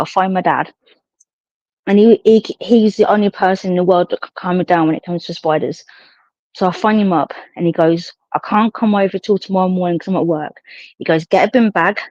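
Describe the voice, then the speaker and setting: A woman's voice: fairly low pitch, no room sound, muffled recording. A woman hosting a live stream, chatting casually, swearing freely as she tells stories. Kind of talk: casual chat. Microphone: phone on a live stream.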